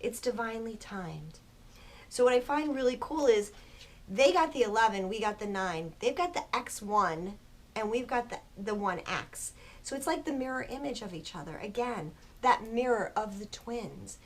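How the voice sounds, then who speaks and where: A woman giving a casual tarot reading to her viewers, earnest and soft-spoken, with a spiritual tone and frequent filler words. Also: a little high, lively intonation, normal speed. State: just woken early in the morning. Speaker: tarot reader.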